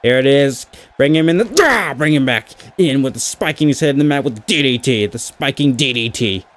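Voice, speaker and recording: A young man giving excitable live commentary over a wrestling video game, cheering and groaning at every move. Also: mid-range voice, brisk. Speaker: gaming channel host.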